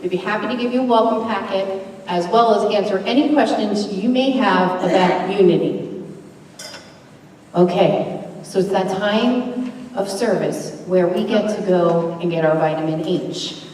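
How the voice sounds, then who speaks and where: A woman's voice: mid-range voice, measured pace, a little mellow, slight background noise. A woman serving as platform assistant at a church service, making chatty, upbeat welcome announcements and laughing often. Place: large church hall. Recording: echoey hall from far off with congregation.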